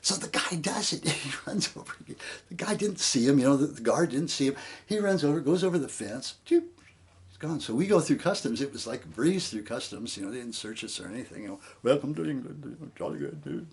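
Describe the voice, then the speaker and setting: A man's voice: mid-range voice, expressive, a little fast. An older man from Canada telling a rambling memoir story in casual speech, acting out the people in it and filling his talk with "you know.". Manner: rambling, full of "you know" and voiced quotes.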